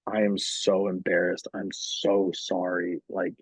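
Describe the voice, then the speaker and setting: A man imitating a flustered, apologetic French woman journalist with a put-on French accent, in a halting, mock-formal way. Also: low-pitched, monotone, slightly rough, dry recording, full character voice. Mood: embarrassed.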